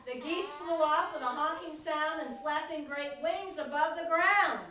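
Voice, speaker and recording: A middle-aged woman reads a rhyming storybook aloud to children in a lively, sing-song rhythm, stopping now and then to ask them questions. Her voice is fairly high and bright. The recording sounds echoey, from a mic far away, with faint noise underneath. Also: a little slow. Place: room with children.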